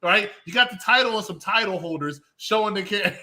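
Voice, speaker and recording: A man's voice: sits high, quick pace, bright, forceful tone. A man co-hosting a casual wrestling review chat, teasing the others and laughing a lot. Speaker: podcast co-host.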